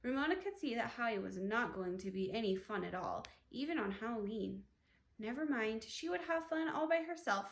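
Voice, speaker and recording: A woman teacher reading a children's book aloud with expressive storytelling. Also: on the high side, normal speed. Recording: echoey room.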